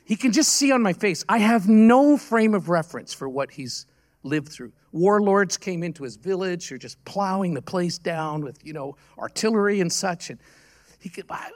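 A man delivers a sermon in a noticeably high voice. His delivery is conversational and earnest, full of stories told with halting restarts and self-corrections. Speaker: pastor.

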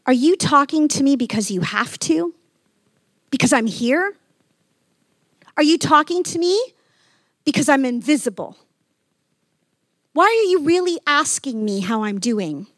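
A man's voice: extremely high pitch, sing-song, unhurried, pauses often, fairly bright tone, dry recording, pitched above the performer's own voice, full character voice. A woman preacher voicing a suspicious young man who fires back bitter, challenging questions.

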